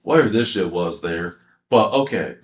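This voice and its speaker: Animated rambling man in echoey room. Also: low-pitched, moderate pace. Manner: animated, laughing often, slangy with many fillers. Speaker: anime reviewer. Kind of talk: casual rambling commentary.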